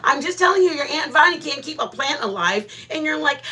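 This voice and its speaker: With a high voice and a slightly fast pace, a woman hosting a live stream chats casually with viewers, laughing often as she tells animated stories.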